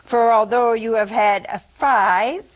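A woman preacher voicing Jesus as a calm, firm male teacher in a retold scripture scene. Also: fairly high pitch, takes it slowly.

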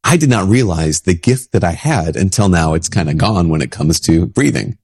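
A priest with a stuffy nose from a cold, giving a casual spiritual talk with many restarts. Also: male voice, low-pitched, animated, normal speed, darkish tone, breathy edge, dry recording, studio quality. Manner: casual, rambling, frequent restarts. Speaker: Catholic priest.

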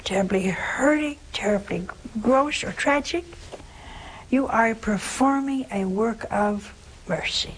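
A woman's voice: on the high side, slow, a little hiss or hum, low-quality recording. A woman giving an informal sermon in a homey, humorous way, asking her listeners rhetorical questions. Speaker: religious speaker.

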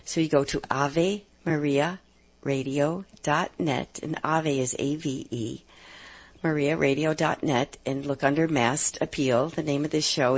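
A middle-aged woman hosting a live advice radio show, upbeat and emphatic, slowing down to stress key points. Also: deep voice, slightly rough. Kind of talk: live call-in radio talk.

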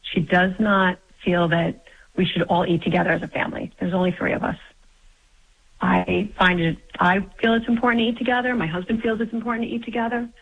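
A woman's voice: lowish voice, fairly even intonation, brisk, gravelly. A middle-aged woman from New York calling in to a radio show, talking hesitantly with many ums and self-corrections. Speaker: caller. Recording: dull lo-fi phone call audio.

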